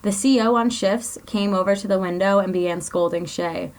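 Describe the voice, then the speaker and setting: A woman reads her own story aloud, earnest and confessional. Her voice sits at an ordinary middle pitch. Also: normal speed, a little mellow. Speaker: blogger. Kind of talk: reading a personal story aloud.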